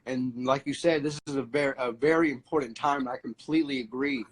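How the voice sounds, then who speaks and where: A man's voice: mid-range voice, fairly even intonation, fairly quick, husky, poor audio. A man hosting a livestream, chatting casually about spiritual ideas with many fillers and restarts. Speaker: livestream host.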